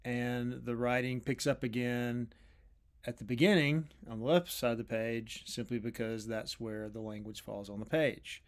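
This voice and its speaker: Guy lecturing on poems, mid pitch, thinks out loud, lots of little restarts, slows way down to stress points. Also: steady tone. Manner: thoughtful, with frequent restarts and drawn-out pauses. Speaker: poetry lecturer. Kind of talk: unscripted lecture.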